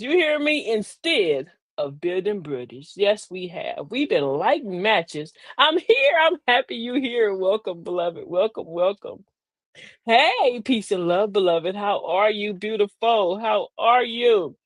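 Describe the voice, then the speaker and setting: Female live-stream host; folksy, preachy delivery, fairly high voice, dry close mic. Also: no room sound. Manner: folksy and preachy, addresses listeners as beloved, laughs often. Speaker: host of a live talk show. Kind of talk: live-stream talk with viewer shout-outs.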